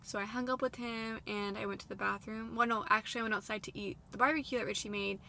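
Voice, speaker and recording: A young woman in her twenties telling a personal story in a long, run-on way, full of "like", her voice going soft at hard moments. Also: medium pitch, steady tone, quick pace, creaky, slight background noise. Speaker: vlogger sharing a personal story.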